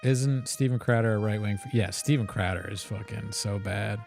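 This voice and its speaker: A man's voice: on the low side, moderate pace, creaky, a little mellow, faint music behind. A man co-hosting a casual livestream, joking crudely and laughing often as he reacts to clips.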